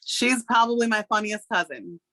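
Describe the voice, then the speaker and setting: A woman's voice: on the high side, animated, moderate pace, fairly bright tone, a little hiss or hum, rough recording. A woman chatting as a guest on a show, joking along with the host. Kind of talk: casual chat.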